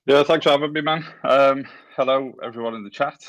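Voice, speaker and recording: A man's voice: medium pitch, brisk, fairly bright tone, no room sound, highs cut off. A man in his forties with a Scouse accent, a guest on a podcast, talking hesitantly with many ums and restarts. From England. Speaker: guest, former game developer. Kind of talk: casual interview talk.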